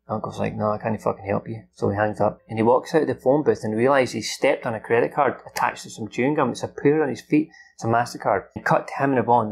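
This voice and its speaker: Gravelly man recapping a film. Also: mid-range voice. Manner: rambling, swears freely, acts out the characters' lines. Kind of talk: unscripted film recap from memory.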